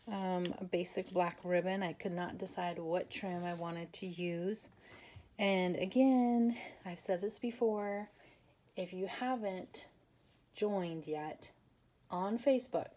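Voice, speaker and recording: A woman's voice: mid-range voice, dark tone. A tired woman chatting casually as she shows off a handmade craft project, rambling, laughing and apologizing for yawning. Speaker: papercraft crafter. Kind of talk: casual show-and-tell.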